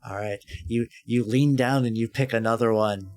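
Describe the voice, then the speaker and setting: A man's voice: medium pitch, fairly even intonation, moderate pace, a little mellow. A man narrating a tabletop game as game master, stammering and repeating words.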